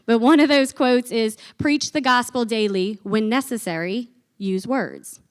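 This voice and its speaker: Woman in her thirties, conference speaker, energetic and folksy, slightly high voice. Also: measured pace. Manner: energetic, chatty, uses folksy phrases. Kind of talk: business conference talk. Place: conference stage before an audience.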